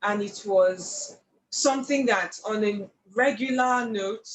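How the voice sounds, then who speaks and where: Animated woman in an echoey room. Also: mid-range voice, slow pace. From Nigeria. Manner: animated, expressive storyteller with frequent laughs. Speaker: painter, podcast guest. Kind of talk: casual storytelling interview. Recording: echoey room with faint ambience.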